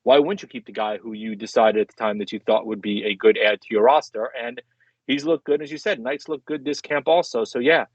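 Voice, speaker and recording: A man's voice: mid-range voice, fairly quick, no echo. A man co-hosting a sports talk show, talking it through conversationally with lots of "I mean" and "look" and some teasing. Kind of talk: casual sports debate. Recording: slightly dull lo-fi sound.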